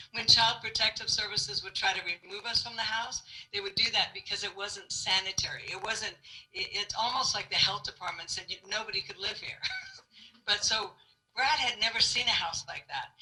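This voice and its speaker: A middle-aged woman tells her life story to students with a strikingly bright, ringing voice. She jumps into the voices of the people in her story and laughs as she goes, keeping things lively and personal. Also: medium pitch, poor audio. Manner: animated storytelling, acting out quotes with laughter. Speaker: guest speaker. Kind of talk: testimony sermon to students.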